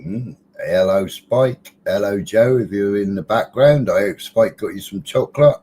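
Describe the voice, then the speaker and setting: A man's voice: on the low side, a little slow, mellow, slight background noise. A man hosting a casual livestream, chatting, greeting viewers by name and teasing them with mild swearing. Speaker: livestream host.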